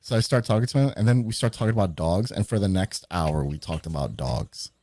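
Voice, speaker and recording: A man telling animated stories during a casual livestream chat, swearing freely as he goes. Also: deep voice, fairly quick.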